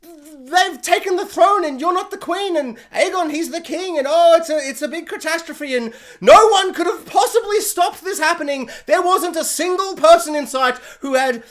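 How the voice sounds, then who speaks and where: A reviewer mocking a flustered old woman who dodges blame, in a shrill, stammering, melodramatic voice. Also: moderate pace, a bit bright.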